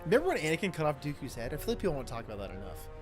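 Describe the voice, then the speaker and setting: A man's voice: a little high, huge pitch swings, very fast, over music. A man co-hosting a casual reaction stream, talking in a crude, joking, rambling way over the film they are watching. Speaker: co-host.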